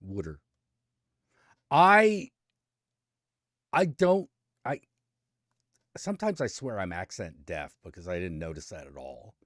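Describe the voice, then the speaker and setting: A man hosting a casual chat, animated and opinionated. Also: on the low side, a little slow, pauses often, dry recording, studio quality. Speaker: host.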